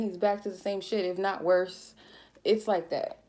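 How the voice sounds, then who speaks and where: A woman tarot reader giving a blunt, profane, laid-back spiritual reading in a mellow, chill way. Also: lowish voice, flat delivery, normal speed. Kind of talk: casual spiritual reading monologue.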